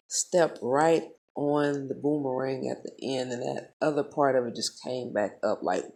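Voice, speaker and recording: This is a low-voiced woman vlogger addressing her audience directly as she recounts a story. She's animated, heated and swears, keeping the relaxed, rambling feel of a casual vlog.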